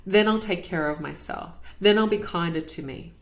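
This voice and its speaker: A woman's voice: lowish voice, moderate pace. A woman, host of a podcast, telling her own story in an earnest, reflective way and repeating phrases for emphasis. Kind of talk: personal storytelling.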